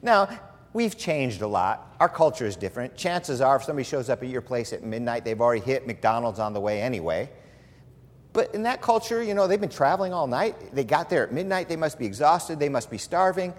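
Animated, joking male preacher in a hall. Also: mid-range voice, fairly quick. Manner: animated, humorous storytelling preacher. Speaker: pastor. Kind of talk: sermon.

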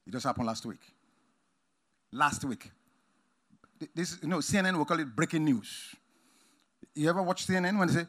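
A man preaching a sermon emphatically, swinging between loud exclamations and quiet asides. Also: a little high. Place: conference hall.

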